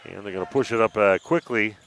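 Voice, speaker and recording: A man calling high school basketball play-by-play on local radio, brisk and steady with the odd "uh". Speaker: play-by-play announcer. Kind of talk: live basketball commentary.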